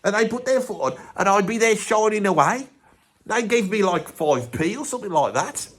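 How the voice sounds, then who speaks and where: A man plays a cocky, opinionated Birmingham bloke in his sixties with a thick Birmingham accent, ranting straight to camera in a comic monologue. He swears freely, stumbles and restarts mid-sentence, and his voice sits a little higher than most men's. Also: lively intonation, moderate pace, fairly bright tone, slightly rough, exaggerated voice. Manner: blustering rant, swears constantly, stumbles and restarts. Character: opinionated older Birmingham bloke, blustering, boastful. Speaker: comedy character ranting to camera. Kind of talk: comedic character monologue.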